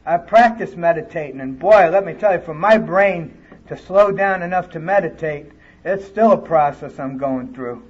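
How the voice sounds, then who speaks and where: A Californian man with a slightly high, slightly rough voice speaks at a moderate pace, telling his recovery story in plain, earnest, candid terms. The talk is given to a live audience in a conference hall and preserved on a dull lo-fi tape recording.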